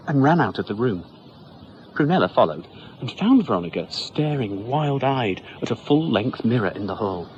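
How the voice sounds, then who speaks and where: A man reading a children's story aloud in an expressive, playful way. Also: lowish voice, highs cut off, slight background noise.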